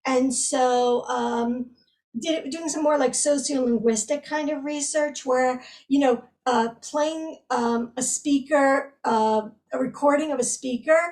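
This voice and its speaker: A woman with a high voice talks through her research in a relaxed interview, full of fillers and self-corrections. She sits somewhat back from the microphone. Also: slow pace, recorded from a distance. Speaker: researcher guest. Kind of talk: conversational interview.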